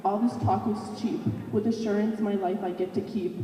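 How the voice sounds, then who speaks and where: A woman's voice: mid-range voice, steady tone, moderate pace, warm tone, lightly acted. Student stage piece: young woman as a boastful duelist, rhythmic rhyme, distant reverberant hall. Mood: proud. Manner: rhythmic rhyming delivery. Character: Aaron Burr, boastful male duelist. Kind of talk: student spoken-word performance. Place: large opera house stage. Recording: echoey hall from far off, noisy.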